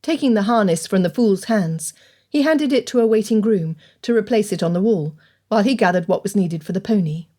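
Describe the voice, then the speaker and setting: A woman narrating an audiobook in a steady, clear storytelling manner. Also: medium pitch, brisk. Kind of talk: scripted narration.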